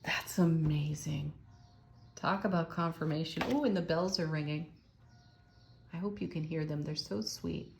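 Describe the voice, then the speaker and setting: A woman's voice: deep voice, moderate pace, gravelly, slight background noise. A woman giving a spiritual tarot reading, enthusiastic and affirming as she exclaims over the cards. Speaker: tarot reader.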